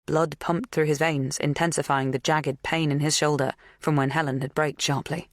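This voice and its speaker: A woman narrating a suspense audiobook in a measured, even reading. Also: deep voice, dry recording, studio quality. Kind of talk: scripted narration.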